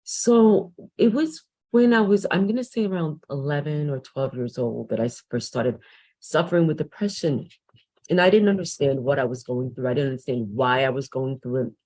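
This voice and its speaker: Low-voiced, hesitant woman guest. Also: normal speed, a little mellow. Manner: hesitant, many restarts and ums. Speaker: middle school teacher and podcast guest. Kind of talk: podcast interview.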